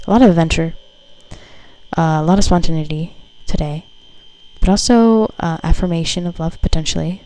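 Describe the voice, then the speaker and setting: A woman's voice: low-pitched, normal speed, warm tone, low-quality recording. A woman doing a casual tarot reading for her viewers, chatty and loose, full of fillers and the odd swear word. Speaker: tarot reader.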